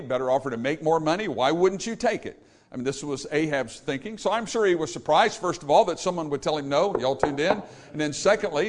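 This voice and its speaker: A man delivers a sermon. He preaches bluntly and folksily, with asides to the listeners in the pews. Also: fairly high pitch. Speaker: pastor.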